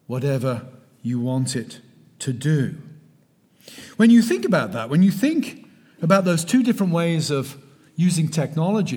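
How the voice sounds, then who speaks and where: A middle-aged man with a West Country English accent delivers a measured, emphatic lecture in the manner of a sermon, dropping to a hush on key words. His voice is fairly high and husky.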